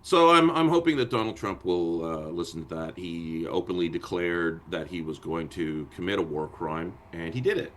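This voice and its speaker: Low male voice, casual podcast co-host, animated and joking, talks over others. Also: normal speed, few pauses, a little hiss or hum. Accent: anglophone Montreal French. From born in London, raised in Canada. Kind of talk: casual chat.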